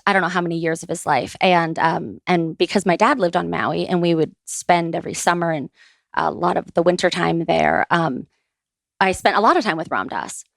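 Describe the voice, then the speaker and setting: Husky-edged woman telling stories. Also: on the low side, no room sound, studio quality. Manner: relaxed, many "um" pauses, lively retelling. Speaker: guest, author. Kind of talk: conversational storytelling.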